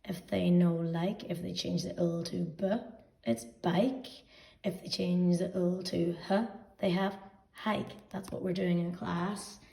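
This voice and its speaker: A woman teacher explaining weekly phonics homework to parents, speaking slowly and patiently and sounding out letters one by one. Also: lowish voice, level tone, creaky, dark tone, recorded from a distance. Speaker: early-years teacher. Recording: echoey room, voice set back from mic.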